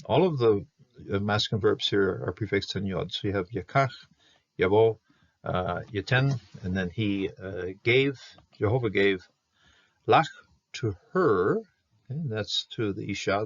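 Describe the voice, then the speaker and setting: A man teaching a verse-by-verse Hebrew grammar lesson, explaining slowly with many fillers and restarts. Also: fairly low pitch, vocal fry, no room sound. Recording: dull, muffled dry recording.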